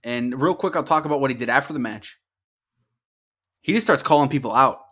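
A young man co-hosting a casual wrestling podcast, swearing freely and getting excited as he talks over his co-host. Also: medium pitch, brisk.

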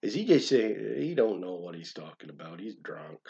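A man's voice: lowish voice, sing-song, moderate pace, gravelly, warm tone, dull audio. A man with a Maine accent giving a comic dramatic poetry reading, switching between overblown recitation and crude asides. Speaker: poetry reader.

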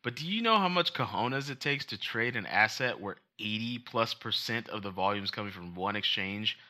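A man's voice: lowish voice, moderate pace. A young man co-hosting a casual podcast, telling stories with animation and ranting with passion. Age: young adult. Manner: animated storytelling, mocking put-on voices; rants with passion. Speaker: co-host.

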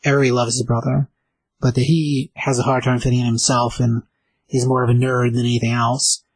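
A man casually recapping a comic book page by page, rambling with lots of fillers and slipping into quick voices for the characters. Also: mid-range voice, flat delivery, slightly rough, no room sound, rough recording.

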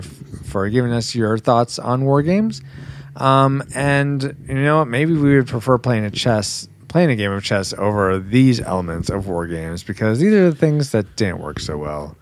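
A man co-hosting a casual podcast, animated and laughing often as he reads out listener comments. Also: mid-range voice. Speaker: podcast co-host.

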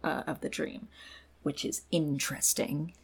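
Young female co-host, low voice, loose chatty recap delivery with plenty of fillers. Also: steady tone, a little slow, creaky, breathy edge. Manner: chatty, laughs often, many fillers like "like" and "um". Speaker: podcast co-host. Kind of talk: casual chat recapping a show.

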